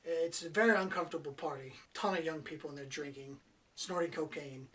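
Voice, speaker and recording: A man's voice: a little high, fairly quick, sharp tone, distant mic. Blunt, sarcastic man reviewing a film. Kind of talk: casual movie review.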